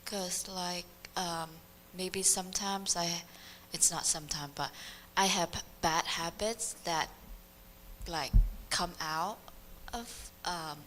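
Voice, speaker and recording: A woman in the audience asks her question slowly and hesitantly, pausing often. Her voice is bright and rather low, and a faint hum runs underneath. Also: rough recording. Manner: hesitant, many fillers. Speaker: audience member asking a question.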